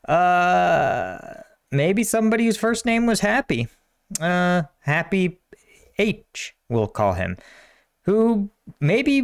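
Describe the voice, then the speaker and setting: A man from Pennsylvania hosting a reaction video, joking and rambling in casual commentary. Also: fairly high pitch.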